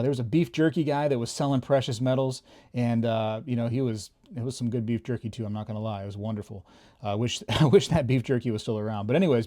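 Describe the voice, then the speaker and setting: A man's voice: mid-range voice, warm tone. A man hosting his own coin channel, chatting casually to camera with lots of fillers and emphatic warnings. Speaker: YouTube coin and bullion channel host.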